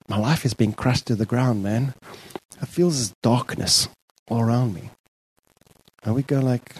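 A man's voice: mid-range voice, warm tone, breathy edge, rough recording. A man preaching a sermon, passionately speaking a psalmist's prayer in the first person. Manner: impassioned, voicing a psalmist's prayer aloud.

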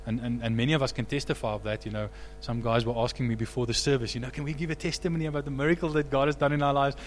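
A man preaching a sermon as pastor, animated, rising to loud emphatic peaks. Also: mid-range voice, very fast, in a large hall, a little hiss or hum.

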